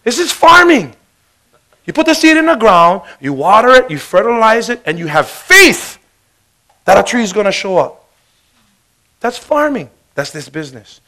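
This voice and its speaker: A man giving an energetic, joking motivational sales talk. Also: high-pitched, moderate pace, long pauses. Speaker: business presenter.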